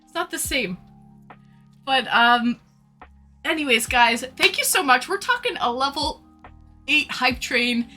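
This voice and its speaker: A Canadian woman with a Canadian accent, chatting excitably on a live stream as she reads out her chat. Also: sits high.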